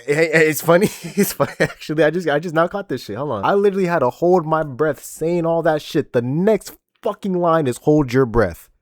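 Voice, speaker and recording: A man in his twenties hosting a music reaction video, excitable and profane, often repeating himself. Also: fairly high pitch, fairly quick, hardly any pauses, no room sound, studio quality. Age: 20s. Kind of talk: casual reaction commentary. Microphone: desk microphone.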